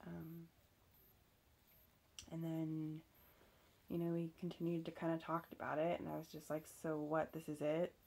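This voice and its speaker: Young woman venting her story, real gravelly and husky, kinda low, swears a lot. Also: completely flat delivery, a little slow, long pauses, a little mellow. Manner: candid, swears, many fillers. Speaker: vlogger telling a personal story. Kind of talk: casual storytelling.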